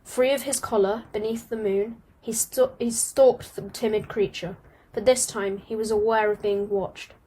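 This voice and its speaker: A woman reading a storybook aloud at a steady pace, now and then stumbling and starting a phrase again. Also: a little high, normal speed, few pauses, breathy edge. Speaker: audiobook reader.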